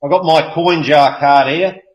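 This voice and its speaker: A man's voice: a little high, measured pace, lo-fi sound. A man with an Australian accent hosting a casual online group call, chatty and enthusiastic, with many fillers. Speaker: hangout host. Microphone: video call.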